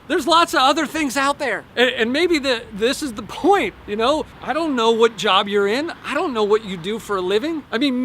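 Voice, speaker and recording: High, bright-voiced storytelling man. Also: a little hiss or hum. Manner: animated, folksy, with repeated phrases. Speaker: life coach. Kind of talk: storytelling to camera.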